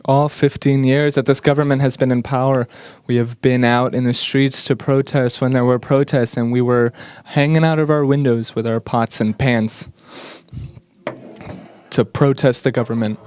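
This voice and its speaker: A man giving an earnest, slightly halting English voice-over interpretation of speakers at a conference. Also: mid-range voice, steady tone, a little mellow, clean tone, no echo.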